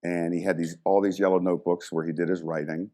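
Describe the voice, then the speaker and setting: A man's voice: low-pitched, fast. A middle-aged man, a former strength coach, telling stories in a casual interview and acting out the people in them. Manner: animated storyteller, acts out quoted voices.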